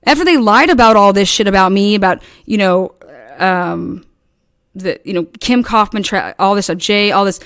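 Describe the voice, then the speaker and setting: A woman's voice: medium pitch, moderate pace, a bit bright, no echo. A woman hosting her own channel, delivering a heated, profane, combative rant at her critics. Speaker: channel host. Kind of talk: angry livestream rant.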